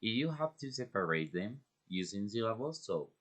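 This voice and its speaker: A man's voice: fairly low pitch, big pitch swings, normal speed. A man teaching English pronunciation, patiently explaining step by step with examples. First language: Spanish. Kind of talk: online English pronunciation lesson.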